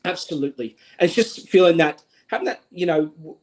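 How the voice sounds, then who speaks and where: Earnest young Australian man, rather high voice. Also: lively intonation, fairly quick, poor audio. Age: young adult. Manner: earnest, repeats words when starting a thought. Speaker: guest speaker. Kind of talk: candid livestream conversation.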